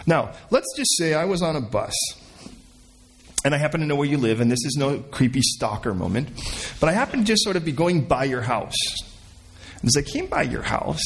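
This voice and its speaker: A man preaching a sermon in an animated way, explaining the meanings of old words and acting out voices from the scripture story. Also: mid-range voice, slight background noise. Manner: explains word meanings from the original language. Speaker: pastor.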